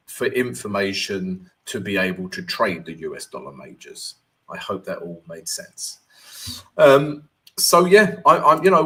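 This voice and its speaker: A chatty man with a lowish, slightly bright voice hosts a trading live stream in casual style. He gives upbeat greetings, reads viewer comments out loud and responds, talking as he goes through charts.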